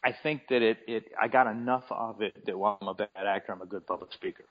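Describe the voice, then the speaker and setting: A middle-aged man from Alabama, low-pitched, telling anecdotes in a relaxed interview. He stammers and restarts often, and the recording sounds a little dull. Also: fast talker. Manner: storytelling, many stammered restarts. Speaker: guest, children's author. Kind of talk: casual interview chat.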